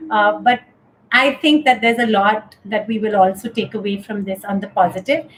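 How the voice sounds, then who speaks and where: A woman's voice: mid-range voice, fairly even intonation, normal speed, slight background noise, poor audio. A woman hosting a casual live-stream chat show from home, talking in a chatty way with many fillers. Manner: chatty, lots of "you know" and "um". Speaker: host of a live talk show. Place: home during lockdown.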